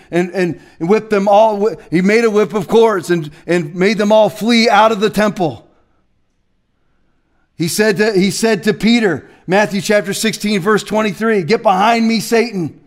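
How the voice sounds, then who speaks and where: A man preaching as a pastor in a studio, confrontational and fiery, swinging from quiet asides to shouted scripture. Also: high voice. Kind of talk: preaching sermon.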